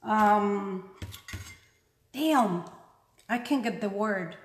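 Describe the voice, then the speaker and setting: A woman whose first language isn't English hosts a craft tutorial, chatting casually and self-deprecatingly as she shows a painting technique. Her mid-range voice carries a non-native accent and draws out its words, and the room echoes.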